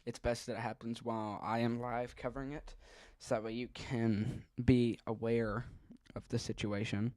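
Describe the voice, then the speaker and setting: A man's voice: medium pitch, level tone, darkish tone, dry recording, studio quality. Hesitant man narrating live weather radar. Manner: hesitant, frequent ums and trailing pauses; thinking aloud, unsure.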